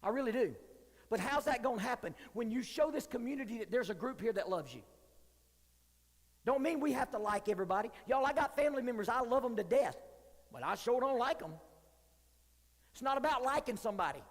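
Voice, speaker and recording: A man's voice: very high voice, expressive, brisk, long pauses. A man preaching as a youth pastor, joking and candid with the young crowd. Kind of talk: sermon. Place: church hall. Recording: long hall reverb.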